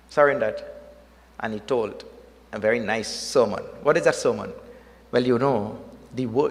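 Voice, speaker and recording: A man preaching a devotional sermon, telling a story with rhetorical questions and repeated words for emphasis. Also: mid-range voice. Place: temple hall. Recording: long hall reverb.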